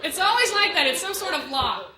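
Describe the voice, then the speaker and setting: A woman performs a stand-up set as the MC of a comedy club, bantering with the crowd in quick asides. Her voice sits high. The recording is roomy and echoey, with loud noise running underneath. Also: lively intonation. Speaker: MC and stand-up comic. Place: comedy club stage with a live audience.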